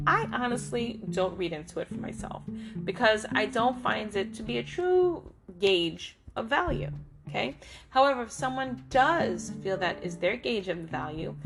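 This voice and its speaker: A woman with a fairly high voice speaks earnestly to her listeners, giving a motivational talk in a casual, direct way. She keeps checking in with short asides as she goes, and guitar music plays clearly beneath her voice. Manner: talks with lots of "okay?" and "right?" check-ins. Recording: guitar music playing behind the voice.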